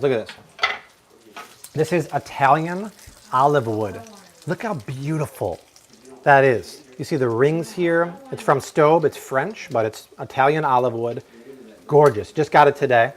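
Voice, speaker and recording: Cooking live in his own kitchen, a male show host talks enthusiastically and exclaims about the food as he demonstrates. He speaks at a medium pitch, with slight background noise audible.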